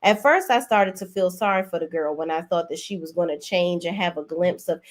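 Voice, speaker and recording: A woman's voice: lowish voice, a little fast. Sassy woman dishing gossip. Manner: sassy, blunt, exclaiming. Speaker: host. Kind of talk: casual gossip commentary.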